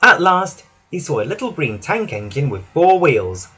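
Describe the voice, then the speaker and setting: A man narrating a children's storybook with an animated, expressive reading. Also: a little high, moderate pace.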